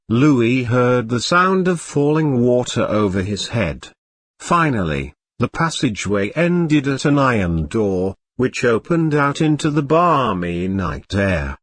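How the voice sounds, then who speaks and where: A man reading a classic novel aloud as an audiobook, in a measured storytelling manner with light shifts for the characters. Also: medium pitch, dry recording. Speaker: narrator.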